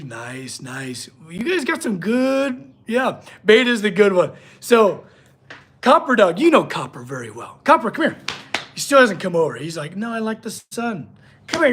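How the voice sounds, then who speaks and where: A man's voice: high voice, fairly bright tone, slightly rough. A man hosting a casual livestream from his workshop, chatting with viewers and talking to his dog. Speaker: blacksmith livestream host.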